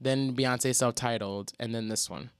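A teacher chatting on a podcast, animated and profane, acting out quotes in dramatic voices. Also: medium pitch, unhurried, clean tone, no room sound, clean studio sound. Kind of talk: casual podcast chat.

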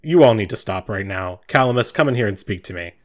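Man playing a gruff guard captain, low, stern, commanding. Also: expressive, fast, lightly acted.

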